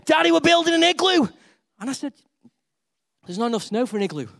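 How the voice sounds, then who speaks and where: A man's voice: very high voice, sing-song, fast talker, creaky, fairly bright tone. A middle-aged man preaching a sermon as a pastor, telling a story and acting out voices.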